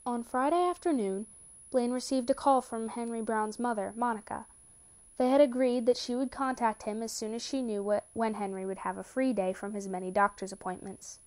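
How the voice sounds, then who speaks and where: A woman reading a romance story aloud with steady, calm narration. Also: on the high side, normal speed. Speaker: reader. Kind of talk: reading fan fiction aloud.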